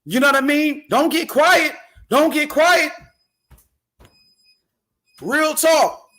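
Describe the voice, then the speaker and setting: Male host, strikingly high voice, brash trash-talking streamer. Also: takes it slowly. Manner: loud, profane trash talk. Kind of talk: casual boxing talk stream.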